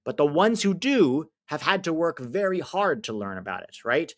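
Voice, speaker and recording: American man, young adult, live-stream host, chatty, animated pitch, answers viewer comments. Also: normal speed. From United States. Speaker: watch-along host. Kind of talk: live-stream chat and match reactions.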